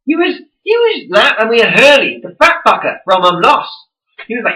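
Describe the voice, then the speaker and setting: Sweary ranting man, bright voice. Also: very high-pitched, sing-song, moderate pace, distant mic, rough recording. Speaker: vlogger. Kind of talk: casual ranting vlog.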